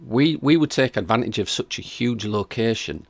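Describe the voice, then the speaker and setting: A man's voice: medium pitch, lively intonation, moderate pace, no room sound. A man hosting a reaction stream, chatting casually and skeptically while reading out viewer comments. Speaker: reaction video host.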